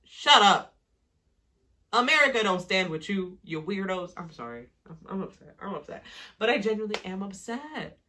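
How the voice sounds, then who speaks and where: Woman, bright timbre, casual reality-TV recap, heated and profane. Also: medium pitch, very animated, brisk. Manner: heated, profane, exasperated ranting. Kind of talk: casual reaction commentary.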